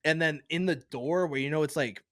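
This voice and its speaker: A man co-hosting a podcast, telling a story in a casual, animated, profane way and acting out other people's lines. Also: fairly high pitch, brisk, dry recording, studio quality. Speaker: podcast co-host.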